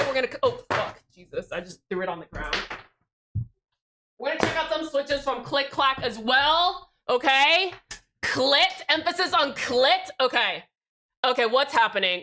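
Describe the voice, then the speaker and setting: A woman's voice: sits high, lively intonation, moderate pace, noisy background. A young woman streaming live, chatting casually with viewers, bubbly, swearing freely and reading chat aloud.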